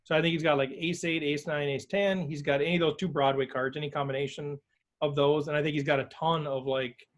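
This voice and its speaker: A man's voice: on the high side, steady tone, fast talker. A man on a video call, talking a group through a poker hand step by step in casual chat.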